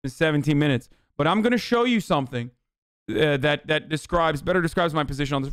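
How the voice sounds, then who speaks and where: A man's voice: a bit bright, smooth, no room sound, studio quality. A man doing livestream political commentary, ranting heatedly with lots of swearing and mocking his chat with sarcasm. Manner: profane, heated, rapid ranting; mocks chat in a sarcastic high voice.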